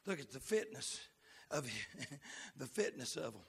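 A man's voice: fairly high pitch, lively intonation, unhurried, gravelly, husky. A man preaching a fiery revival sermon, hollering in a sing-song cadence.

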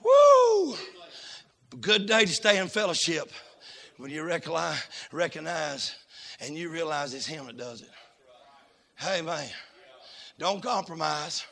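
A man delivers a fervent sermon, his voice high and bright with a gravelly edge. He swings from full-throated shouting to quiet, folksy asides, with a lively, wide-ranging pitch. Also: unhurried, pauses often. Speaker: preacher.

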